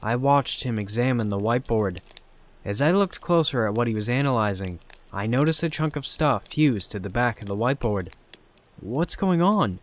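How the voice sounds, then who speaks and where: A man narrating a scripted horror story in a calm, measured way. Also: mid-range voice.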